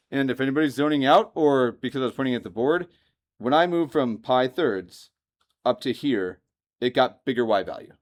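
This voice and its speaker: Lively male math teacher in class. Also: medium pitch. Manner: lively, asks students questions, self-joking. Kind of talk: classroom lecture.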